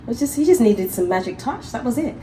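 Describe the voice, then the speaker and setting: A woman's voice: fairly high pitch, lively intonation, quick pace, warm tone, slight background noise, low-quality recording. A middle-aged woman, chatting and laughing to camera as a vlogger, recorded on a handheld phone. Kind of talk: casual chat to camera. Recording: music playing over the voice.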